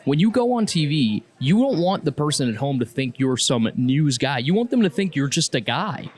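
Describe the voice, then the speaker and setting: Opinionated podcast host, slight Southern drawl. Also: male voice, fairly high pitch, normal speed. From Mississippi. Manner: animated, opinionated, clearly inflected. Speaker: podcast co-host and broadcast journalist. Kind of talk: casual podcast chat. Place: restaurant.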